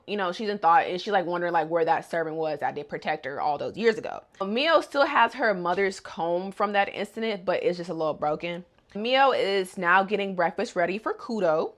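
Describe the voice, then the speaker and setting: A woman casually recaps a cartoon episode in animated, slangy talk. Her voice sits at a middle pitch, and she reacts to the story as she goes. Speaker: video host.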